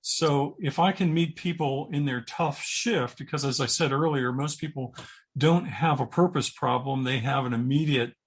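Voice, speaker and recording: A man's voice: medium pitch, slightly rough. A middle-aged man, a guest coach in an interview, talking earnestly and often restarting his words as he thinks. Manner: earnest, halting, repeats words while thinking. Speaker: guest, purpose coach and speaker. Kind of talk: interview conversation.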